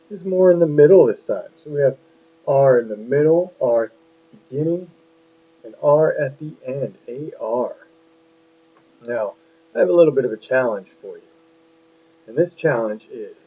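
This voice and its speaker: Male teacher, patient and upbeat, quizzing young kids on phonics; husky voice, thin phone-quality audio. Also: medium pitch. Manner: patient, encouraging, asks many questions. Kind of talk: phonics lesson for young children. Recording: tinny lo-fi phone-like sound.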